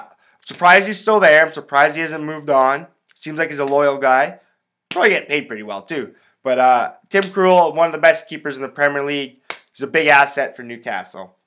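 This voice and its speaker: A man's voice: mid-range voice, bright, forceful tone. A young American man hosting a podcast, giving a rambling, profane and blunt solo soccer preview in casual talk. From United States. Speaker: podcast host. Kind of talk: casual solo sports commentary.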